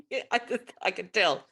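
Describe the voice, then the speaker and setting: A woman co-hosting a casual podcast, chiming in with wry, quick comebacks. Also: medium pitch, fairly bright tone, breathy edge. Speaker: podcast co-host. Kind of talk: casual chat.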